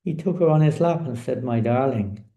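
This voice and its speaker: A man teaching as a spiritual speaker, telling a sacred story in an animated way in a sermon. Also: on the high side, a little fast, creaky, reverberant, low-quality recording. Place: in India.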